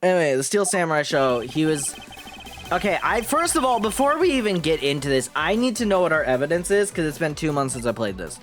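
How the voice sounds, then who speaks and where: A woman streamer commenting on a game live at her desk mic, her voice swinging widely in pitch. She chatters, laughs a lot and swears freely, with faint game music underneath. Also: big pitch swings, brisk. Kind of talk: casual live-stream commentary while playing.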